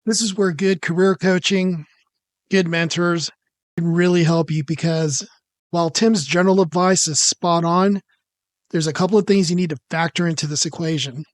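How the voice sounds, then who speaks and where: A man's voice: a little high, fairly even intonation, normal speed, no echo, clean studio sound. Career coach man explaining job offers. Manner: explanatory, walks through hypothetical numbers. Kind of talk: commentary on a clip.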